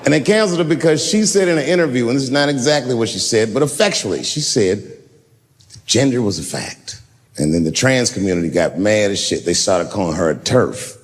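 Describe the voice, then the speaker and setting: Male stand-up comedian, storyteller who acts out scenes, lively pitch. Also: quick pace, few pauses, in a large hall. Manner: storytelling, acting out characters with big pitch swings.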